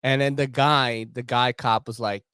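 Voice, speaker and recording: The recording has no room sound, capturing a young Filipino man's clear, resonant, medium-pitched voice at normal speed. Hosting a casual livestream chat, he tells animated stories, full of slang and laughter.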